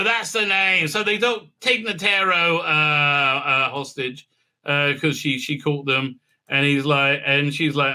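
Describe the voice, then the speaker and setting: A man's voice: a little high, a little slow, sharp tone. A man hosting a casual episode recap and review, sarcastic and rambling with many fillers. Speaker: host.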